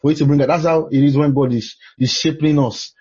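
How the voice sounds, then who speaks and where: A Nigerian man with a very husky, deep-toned voice preaches in a conversational way, telling stories with frequent exclamations. His warm, mellow sound comes through a dull lo-fi recording. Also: fairly even intonation, brisk.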